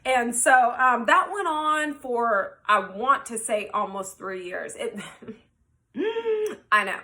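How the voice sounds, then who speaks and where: High, bright-voiced woman vlogger. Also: slow pace. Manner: animated, candid, swears and laughs freely. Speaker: vlogger telling a story. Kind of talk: casual storytime.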